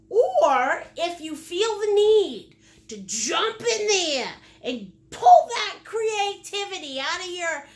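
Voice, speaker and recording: Play a very high-voiced bubbly woman painting host. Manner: bubbly, silly, greets viewers by name; playful and teasing. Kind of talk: live online paint-along class.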